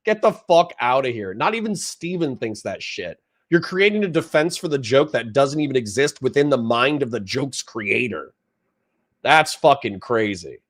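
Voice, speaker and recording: A young man streaming live and reading out his chat, swearing and shooting back at viewers in a combative, mocking tone. His voice sits at an ordinary middle pitch for a man. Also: very animated, moderate pace, a bit bright. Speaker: streamer reacting to a political clip.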